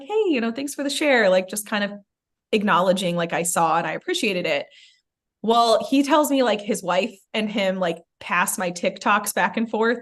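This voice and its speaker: Young woman podcast host, chatty storyteller, mid-pitch, voices the people in her stories. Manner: animated, many "like" fillers, acts out quoted lines. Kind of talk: casual storytelling chat.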